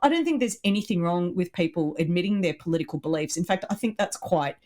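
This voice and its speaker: A middle-aged woman with an Australian accent, co-hosting an animated, opinionated political podcast chat. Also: on the low side, fast. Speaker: podcast co-host.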